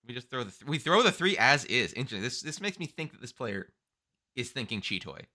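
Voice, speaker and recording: A man's voice: medium pitch, sing-song, fairly quick, bright, forceful tone. A man co-hosting a mahjong stream, thinking aloud through plays in casual commentary.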